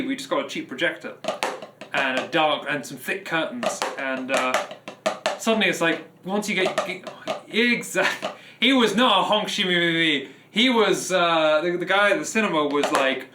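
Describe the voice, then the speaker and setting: Man chatting loosely over loud drums. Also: on the high side, lively intonation, normal speed, heavy background noise. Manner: rambling, with frequent restarts and fillers. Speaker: streamer and drummer. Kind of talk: casual chat to a live stream audience. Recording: echoey room with loud drumming behind.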